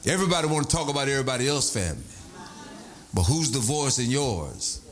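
A man preaching a sermon, animated, breaking into shouts and sing-song emphasis. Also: medium pitch, fast talker.

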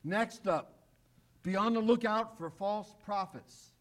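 A male pastor preaching a sermon, emphatic, repeating key phrases and often sinking to a hushed, low voice. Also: takes it slowly.

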